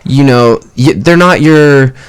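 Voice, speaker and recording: A young man talks about films with lively enthusiasm, his voice at an ordinary middle pitch. He rambles and restarts as he goes. The sound is dry and close to the mic. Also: takes it slowly, clean tone, no room sound. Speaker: podcast co-host. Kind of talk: casual movie chat.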